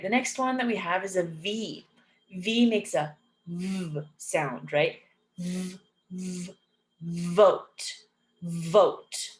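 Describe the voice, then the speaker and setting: A woman teaches English sounds, drawing every word out slowly and saying it over and over with patient care. Her voice sits at a middle pitch. It rings in an echoey room. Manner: repeats each word slowly and clearly, patient. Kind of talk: slow, clear phonics lesson.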